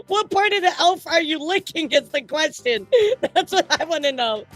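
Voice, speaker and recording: High-voiced excitable woman streamer. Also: normal speed, few pauses, soft background music. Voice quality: excitable, laughs often, swears. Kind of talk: live stream chat, thanking viewers.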